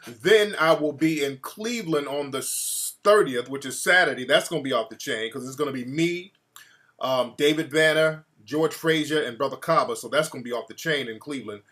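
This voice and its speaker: Bright-voiced man hosting a casual livestream. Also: medium pitch, normal speed. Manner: laid-back slangy talk with many shout-outs. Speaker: livestream host. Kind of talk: casual live-stream chat.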